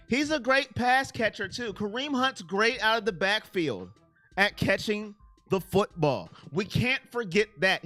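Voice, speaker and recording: A man hosting a casual sports livestream, answering chat and swinging from loud to mumbling. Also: high-pitched. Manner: excitable, reads chat names aloud, swings from loud to mumbling. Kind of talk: casual live-chat commentary.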